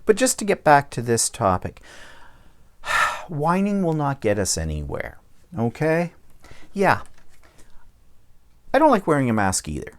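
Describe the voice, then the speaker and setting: A man's voice: on the high side, wildly swooping pitch, unhurried, long pauses. A man hosting his own vlog, ranting bluntly and checking in with the viewer as he goes. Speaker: vlog host. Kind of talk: casual vlog rant.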